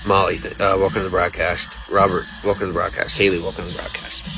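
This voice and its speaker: Tired deep-voiced guy rambling on a late night phone stream, emotional, worn out, loud music playing behind him. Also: level tone, fast, poor audio. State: exhausted. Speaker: livestreamer. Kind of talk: late-night livestream chat. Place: restaurant at night. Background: loud music from a nearby speaker.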